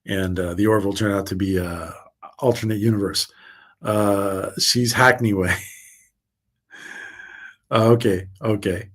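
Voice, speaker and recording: A fairly low-pitched man hosts a relaxed livestream and chats loosely with viewers as he reads their comments. He rambles, restarts his sentences often, and stays upbeat throughout. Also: a little slow, long pauses. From United States. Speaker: livestream host. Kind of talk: casual livestream chat reading viewer comments.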